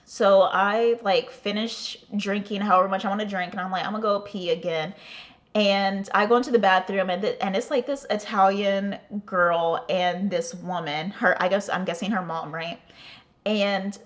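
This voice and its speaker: A woman's voice: mid-range voice, steady tone, normal speed. A young adult woman telling a casual storytime for her vlog, chatty and profane, with lots of "like". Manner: profane, chatty, heavy use of "like". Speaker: vlogger.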